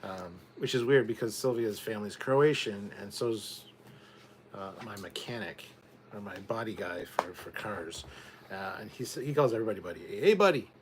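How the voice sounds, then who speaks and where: This livestream host has a lowish voice and a moderate pace as he reads out chat messages, rambling off into casual tangents and cursing now and then. Slight background noise is audible.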